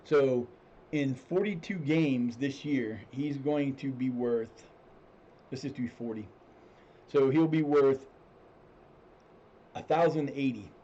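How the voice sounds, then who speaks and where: Slow and dark-toned, a man's mid-range voice carries casual, rambling commentary over a streamed football management game. He keeps restarting sentences and swears when frustrated, and the sound is lo-fi.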